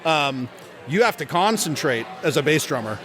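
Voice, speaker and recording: A man, a comedian and bass drummer, chatting casually in an outdoor beer tent, laughing and rambling as he tells stories. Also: expressive, moderate pace, fairly bright tone. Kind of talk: casual chat.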